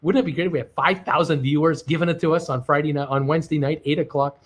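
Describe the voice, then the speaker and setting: Brief: middle-aged male livestream host, slightly high voice, reads chat comments aloud and reacts in quick casual asides. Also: steady tone. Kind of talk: casual live-stream chat.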